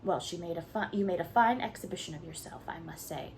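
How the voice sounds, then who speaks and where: A woman's voice: on the low side, fast talker, creaky, a little hiss or hum. A woman reading aloud voices a stern middle-aged spinster who scolds in a dry, firm way.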